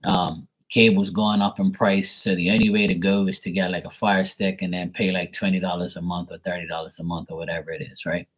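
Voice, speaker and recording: Middle-aged guy ranting, husky low voice, swears a lot, lots of "like"s. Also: level tone, fairly quick, hardly any pauses. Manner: exasperated rant with frequent swearing and fillers. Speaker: tarot reader. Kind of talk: casual venting monologue.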